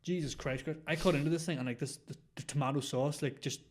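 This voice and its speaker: A man's voice: a little high, fairly even intonation, fast. A young man co-hosting a podcast, telling stories with enthusiasm and lots of fillers. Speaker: podcast co-host. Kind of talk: casual chat.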